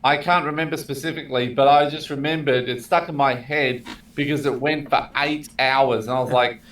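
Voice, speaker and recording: A man's voice: mid-range voice, steady tone, moderate pace, fairly bright tone, slight background noise. A man co-hosting a casual podcast, giving short reactions and spinning playful hypothetical stories. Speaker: co-host. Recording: echoey room, distant mic.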